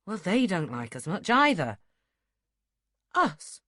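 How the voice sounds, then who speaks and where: Lady reading as a sulky proud boy, higher and pushier than her narration, dry sound. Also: big pitch swings, slow pace, pushed and bright, dry recording, heavily acted. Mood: defiant. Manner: defiant, pleading. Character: proud, sulky young lad in disguise.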